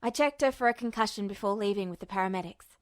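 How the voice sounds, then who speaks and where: A woman reading the lines of a worried man, an officer and protective husband, in a low, subdued murmur. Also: fast talker, clear, resonant tone, close to an everyday voice. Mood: grim, subdued.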